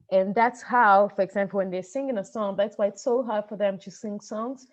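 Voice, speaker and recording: A woman with a Brazilian Portuguese accent, a native Portuguese speaker, teaching English pronunciation to teachers and slowing down to model sounds. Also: on the high side, darkish tone, dull audio. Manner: explanatory, modelling sounds slowly for learners. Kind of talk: online lesson for teachers.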